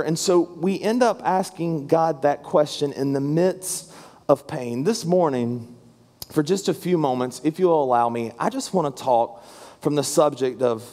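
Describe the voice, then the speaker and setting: A guest pastor in his thirties tells a story from the pulpit, earnest and conversational, doubling back on his words as he goes. He is a man with a fairly high voice. His voice rings out with a long tail of reverb in a large church sanctuary. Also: a little slow, darkish tone. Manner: earnest and conversational, with frequent restarts. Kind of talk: storytelling sermon.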